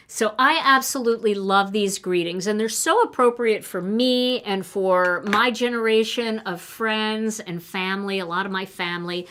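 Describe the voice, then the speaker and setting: A woman's voice: mid-range voice, normal speed, hardly any pauses, a bit bright. An older woman hosting a livestream product showcase, talking enthusiastically and reading card greetings aloud in a chatty way. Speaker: host presenting new craft products.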